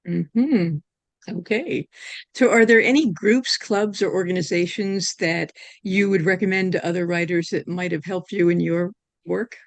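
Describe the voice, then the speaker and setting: A woman's voice: fairly low pitch, a little slow, dry recording. A woman interviewing an author, reading prepared questions in a friendly way.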